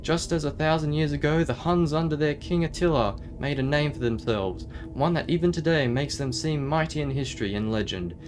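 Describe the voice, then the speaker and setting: A man's voice: a little high, brisk, few pauses, over music. A man casually commenting on a game as he plays, chatty and thinking aloud, sometimes reading the on-screen text. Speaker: gaming video host.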